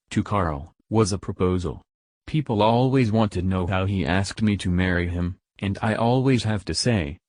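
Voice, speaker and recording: A man narrating a memoir aloud in a steady, even reading voice. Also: lowish voice, no room sound, clean studio sound.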